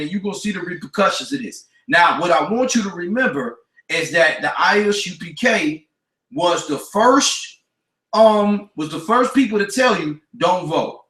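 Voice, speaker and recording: A high, bright-voiced man hosts a talk radio show, preaching with force and hammering each point with repetition. He mixes street slang with scripture. He sounds a little off the mic, in an echoey room. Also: lively intonation, normal speed, far from the mic.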